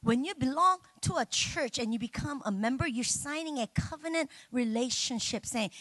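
A middle-aged woman delivers a lively sermon in a high, bright voice, joking with the congregation and breaking into loud, emotional cries. The sound is close and dry, with no room echo. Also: moderate pace, few pauses. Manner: animated and emotional, bursting into loud exclamations; chatty and humorous, talking directly to the congregation. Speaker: preacher.

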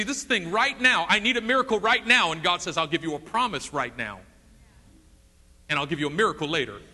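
A man delivering a sermon with a high, lively voice that swings widely in pitch. His tone is bright and forceful, and he acts out the voices of the people in his story. A long reverb hangs behind him as if he were in a large hall. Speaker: preacher.

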